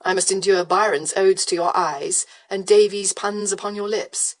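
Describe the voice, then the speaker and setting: A woman voicing a dry, teasing aristocratic gentleman in an audiobook, speaking wryly and with understatement. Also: medium pitch, fairly even intonation, moderate pace, close to an everyday voice. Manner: wry, understated. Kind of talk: audiobook character voice.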